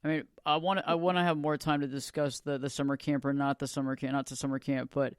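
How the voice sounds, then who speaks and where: A man's voice: medium pitch, level tone, fast talker, clean tone, dry recording, studio quality. A man hosting a podcast interview, enthusiastic and often repeating words as he starts a sentence. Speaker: podcast host.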